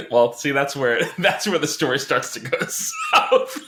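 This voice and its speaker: A man co-hosting a podcast in casual chat, animated and laughing often. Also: mid-range voice, slow, noisy background. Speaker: podcast co-host.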